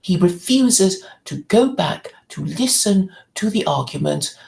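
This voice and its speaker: Slow, gravelly woman ranting angrily. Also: fairly low pitch, lively intonation, a little mellow, rough recording. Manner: angry, indignant and profane. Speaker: channel host. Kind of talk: ranting monologue to camera.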